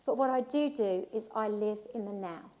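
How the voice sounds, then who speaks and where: A woman's voice: medium pitch, normal speed, darkish tone. A middle-aged woman from England giving an emotional, heartfelt personal talk at a live event, speaking emphatically with repetition.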